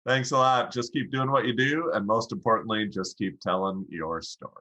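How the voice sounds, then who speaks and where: A middle-aged man, a podcast guest, explaining public speaking and demonstrating it by swinging his pitch and volume as he talks. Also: moderate pace, bright, forceful tone.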